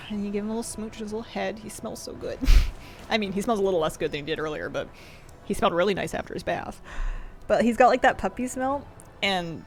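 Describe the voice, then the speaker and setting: A woman's voice: mid-range voice, fairly quick, a little hiss or hum. A woman streamer chatting casually, rambling and affectionate, often restarting her sentences. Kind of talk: casual chat.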